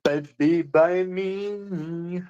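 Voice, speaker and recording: A man's voice: sits high, steady tone, drawn-out words, mellow, clear, resonant tone, muffled recording. Blunt, foul-mouthed London man. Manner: blunt, heavy swearing, mocking. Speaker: livestreamer. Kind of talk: casual livestream chat to viewers.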